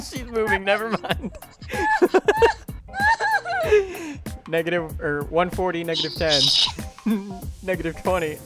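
A woman's voice: medium pitch, very animated, slow pace, long pauses, over loud music. A young woman chatting with friends while gaming, shrieking and giggling in fright. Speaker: gamer.

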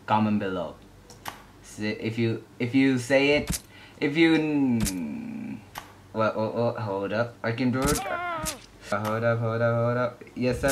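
Young guy rambling through a game, slow but jumpy voice that swings way up when he yelps, bit of hiss behind. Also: mid-range voice. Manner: excitable, yelps and shrieks at the game. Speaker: gaming YouTuber. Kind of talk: gameplay commentary.

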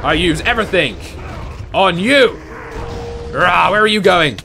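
A young man from England giving excitable, jokey live commentary over his own gameplay as a video host. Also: high voice, a little slow, creaky, faint music behind. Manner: excitable, jokey, often shouting and laughing. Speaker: gaming YouTuber.

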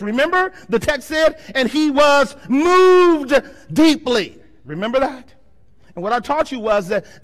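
A pastor delivers a sermon in a very high-pitched male voice, peppering his congregation with rhetorical questions. He swings from loud declarations to quiet, slow passages.

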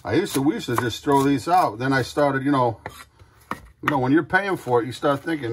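A man's voice: mid-range voice, a little fast, a bit bright, slight background noise. An older man hosting a casual cooking demonstration, talking in a rambling, folksy way full of fillers and restarts. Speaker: cooking show host.

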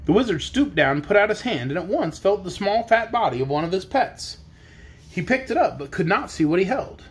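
A man narrating a children's storybook in a measured, expressive way. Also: sits high, husky. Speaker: audiobook narrator.

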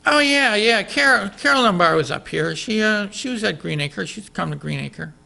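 A fretful, easily outraged elderly mother, as a man puts her on in a story. Her voice rides higher than his own and comes out gravelly and bright, exclaiming in indignation. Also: expressive, normal speed, full character voice. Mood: matter-of-fact.

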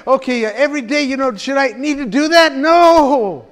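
A man's voice: very high-pitched, moderate pace. A man preaching a conversational sermon as pastor, chatty and folksy, with frequent laughter and restarts. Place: church sanctuary. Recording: reverberant church hall.

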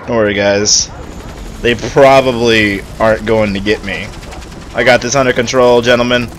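A young man doing let's-play commentary, loud and profane, breaking into squealing outbursts and jokes. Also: mid-range voice, a little slow, slight background noise. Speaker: gaming YouTuber.

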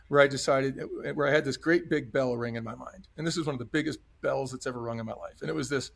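A man's voice: medium pitch, quick pace, creaky. A middle-aged man telling his story as an interview guest in an earnest, emphatic way, often acting out what others said. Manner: earnest, emphatic storyteller who acts out dialogue. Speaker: podcast guest, former restaurant chain executive.

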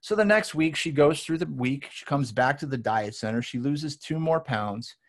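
A man with a slightly high voice gives an energetic talk to a live audience. He tells the story with lots of animation, acting out little quotes as he goes. He often stumbles and restarts his sentences. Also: moderate pace. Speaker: weight loss coach presenter.

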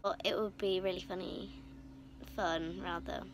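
Filming a casual vlog at home on a phone camera held close, a young teen schoolgirl speaks in a fairly low, steady voice at a measured pace, with slight background noise. She's chatty and playful, talking to her pets in a silly voice.

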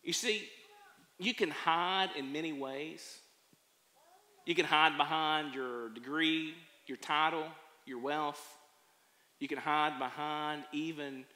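Preacher telling a bible story with jokes, bright voice, big echoey church. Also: male voice, fairly high pitch, takes it slowly, long pauses. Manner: animated storytelling with folksy humor. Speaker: pastor. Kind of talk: sermon. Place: church sanctuary.

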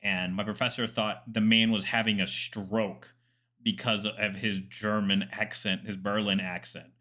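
A man's voice: fairly low pitch, flat delivery, unhurried, sharp tone. A man, a military historian, commenting casually on a documentary, chatty and digressive with asides and fillers.

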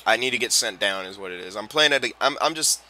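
A young man giving live commentary while playing a hockey video game, griping and swearing at his slow player. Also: fairly low pitch, animated, bright, forceful tone. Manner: frustrated, swearing, talking to the game. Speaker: gaming YouTuber.

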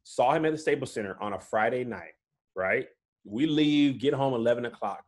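A man in his thirties, a comedian guest, in casual podcast chat, telling stories in a lively way. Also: mid-range voice, moderate pace. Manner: animated storytelling, often says "you know what I'm saying".

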